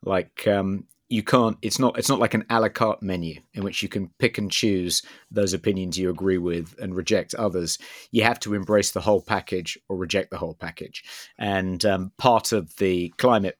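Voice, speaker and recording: A man with a lowish voice chats about politics on a podcast, weighing each point and pausing to find the right words. The sound is dry and close, with no room around it. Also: fairly even intonation, no room sound. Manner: measured, searching for words. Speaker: podcast co-host. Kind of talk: casual political chat.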